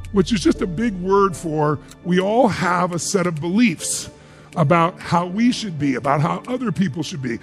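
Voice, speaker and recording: A man giving a live seminar speech as a motivational speaker, emphatic and firing rhetorical questions at the crowd. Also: high voice.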